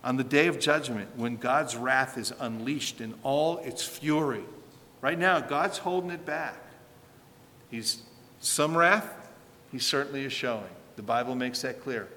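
A man's voice: medium pitch, unhurried, sharp tone. A man preaching a sermon as pastor, emphatic and rising and falling in force, with rhetorical questions. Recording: reverberant hall with faint ambience.

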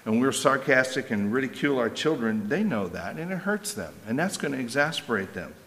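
A man's voice: medium pitch, lively intonation, fairly quick, fairly bright tone. A middle-aged male pastor preaching a sermon in a conversational way, often checking in with "right?". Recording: echoey hall with long reverb.

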